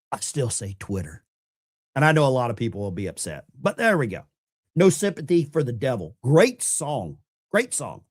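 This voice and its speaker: A man hosting a casual livestream from a room at home, mocking and sarcastic, jumping between loud jabs and quiet asides. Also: fairly high pitch. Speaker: livestream host. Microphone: desk camera mic.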